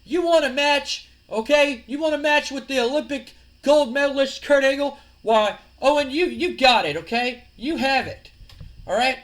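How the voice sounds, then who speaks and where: A man's voice: high-pitched, big pitch swings, moderate pace, fairly bright tone, pitched above the performer's own voice. A man doing a whiny excuse-making wrestler. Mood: defensive. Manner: whiny, stalling, placating.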